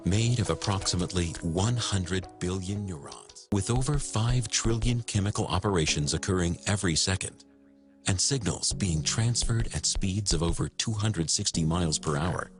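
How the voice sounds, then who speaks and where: A man giving scripted devotional narration in a slow, solemn way. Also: low-pitched.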